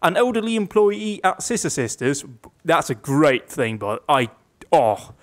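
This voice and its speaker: A man's voice: on the high side, very animated, measured pace. Wry man narrating a game. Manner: wry, jokey, reads game text aloud with quips. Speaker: gaming YouTuber. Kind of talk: casual let's play commentary.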